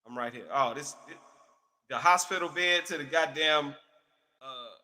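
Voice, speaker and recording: Bright-voiced profane male show host. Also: a little high, moderate pace, long pauses, in a large hall, poor audio. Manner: loose, profane, talks straight to listeners. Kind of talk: casual talk show commentary.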